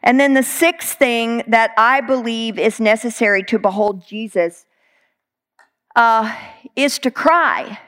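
A woman's voice: fairly high pitch, slow, a bit bright. A middle-aged woman delivers a sermon. Her talk is earnest and conversational, loose with fillers as she speaks to the congregation. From Texas. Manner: earnest and conversational, with many "you know" fillers. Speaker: preacher.

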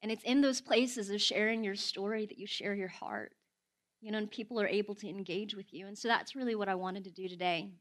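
A woman's voice: medium pitch, fairly even intonation, fairly quick, fairly bright tone. A young woman giving a heartfelt personal sermon at a prayer house, candid and emotional, telling stories conversationally.

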